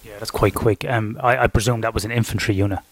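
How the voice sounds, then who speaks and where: A man's voice: fairly low pitch, fairly even intonation, fast. Australian man hosting a podcast. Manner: chatty, curious questioning. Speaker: podcast host. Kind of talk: podcast interview.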